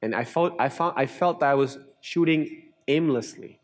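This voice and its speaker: Man preaching a sermon with earnest swings. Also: normal speed. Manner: earnest preaching that swings between lively raised storytelling and quiet, low emphasis. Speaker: pastor.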